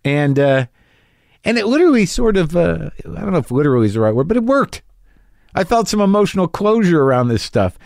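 A middle-aged man, a podcast host and comedian, telling a stage story in a casual rambling monologue, stumbling over repeated words and jumping up in pitch when he acts out people from the crowd. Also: very animated, brisk, creaky, darkish tone, dry recording. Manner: voice rises sharply when acting out audience members.

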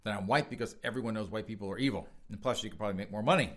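A man's voice: on the low side, rapid-fire, a bit bright. A man voicing a fretful woman hiding her past, in a mocking sing-song way.

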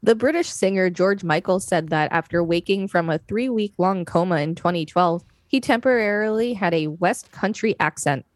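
A woman co-hosting a podcast, reading facts in a steady, matter-of-fact way. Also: lowish voice, normal speed, hardly any pauses, dry recording. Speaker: podcast co-host. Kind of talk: casual podcast reading and chat.

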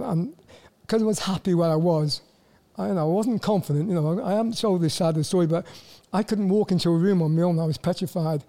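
An older Welsh man speaks in a high, mellow voice. He tells his stories in a halting way, restarting words and leaning on "you know" as he goes. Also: vocal fry. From Wales. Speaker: guest, former footballer. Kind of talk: casual interview storytelling.

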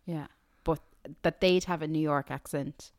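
A woman's voice: sits low, fairly even intonation, a little slow, no room sound. A young woman co-hosting a podcast in laid-back chat with short replies and easy laughter. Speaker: podcast co-host.

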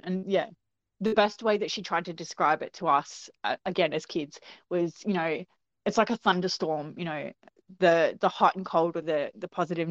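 A woman's voice: fairly low pitch, dry recording. A woman, a guest, tells a story in a casual, conversational way with many fillers, acting out the quotes. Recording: dull lo-fi recording.

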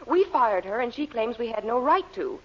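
A woman's voice: a little high, big pitch swings, normal speed. A woman playing a polite, fretful secretary in 1940s radio comedy acting. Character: fussy, worried female secretary. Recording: dull 1940s radio broadcast, hiss.

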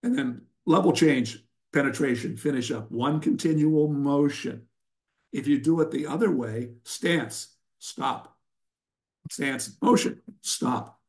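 A man's voice: a little high, takes it slowly, darkish tone. An older man, a wrestling coach and guest, giving blunt, emphatic instruction and telling sarcastic stories in an interview.

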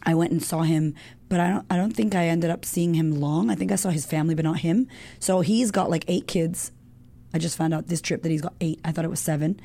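A woman's voice: low voice, fairly quick, dark tone. A young American woman telling a personal story candidly as a guest, swearing freely and filling her talk with "like". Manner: frank, swears freely, lots of "like". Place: home in Australia.

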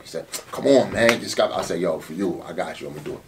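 A man who runs a battle rap league, telling stories in a casual interview, animated and swearing often. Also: lowish voice, fast, hardly any pauses, distant mic, a little hiss or hum. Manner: animated storytelling, frequent swearing and "you know what I'm saying".

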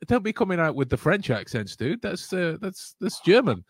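A man's voice: a little high, sing-song, normal speed, slightly rough, dry recording, studio quality. A man hosting a casual podcast chat, stumbling and repeating his words and laughing often. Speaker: podcast host.

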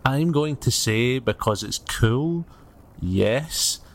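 A man narrating as game master in a relaxed, casual way. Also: mid-range voice, slow pace. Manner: casual, loose, filler-heavy.

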